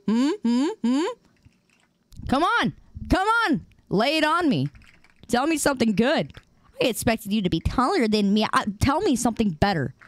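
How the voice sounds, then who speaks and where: High-pitched, teasing woman streamer. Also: no echo. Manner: playful, teasing banter with mock defensiveness. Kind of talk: casual live-stream chat with viewers.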